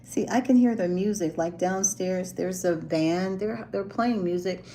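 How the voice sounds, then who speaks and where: A woman's voice: on the low side, a little slow, mellow, a little hiss or hum, low-quality recording. A woman hosting a casual live chat, talking with viewers, laughing often and acting out the voices of the people in her stories. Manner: chatty, laughs often, acts out quoted voices. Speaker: livestream host chatting with viewers. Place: hotel in a city, music from a band downstairs.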